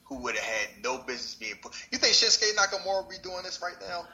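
A man co-hosting a casual wrestling podcast chat, talking in an animated, rambling, slangy way. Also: sits high, quick pace, music in the background, low-quality recording.

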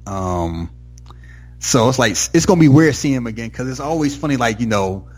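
A man's voice: medium pitch, normal speed. A man casually recapping a TV episode with a co-host, acting out characters' lines as he goes. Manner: animated, acts out characters' lines mid-story. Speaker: podcast co-host.

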